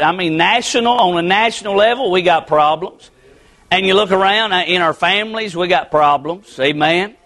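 A man preaching in a very high voice for a male speaker. His manner is folksy and plainspoken. He repeats his phrases and tags "amen" onto his points as he talks to the congregation. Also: a bit bright. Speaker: pastor. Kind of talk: folksy conversational sermon. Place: church sanctuary with a congregation.

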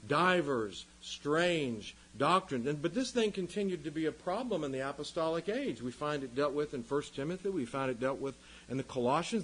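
Impassioned husky-voiced male preacher. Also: fairly high pitch, expressive, normal speed, rough recording. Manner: impassioned, swings from loud emphasis to quiet. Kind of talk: sermon.

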